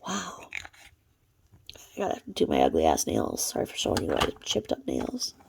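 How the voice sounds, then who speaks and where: A woman's voice: extremely low pitch, huge pitch swings, normal speed, creaky, a little mellow, breathy edge. A woman hosting her own channel, talking to camera in a chatty, rambling way and now and then dropping to a whisper. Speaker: channel host. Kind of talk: casual vlog commentary.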